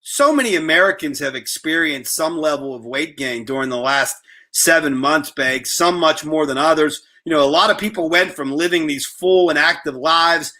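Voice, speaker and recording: A man's voice: fairly high pitch, normal speed, bright, forceful tone. A man hosting an interview in a chatty, storytelling way, often repeating his words. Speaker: interview host. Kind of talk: casual interview chat.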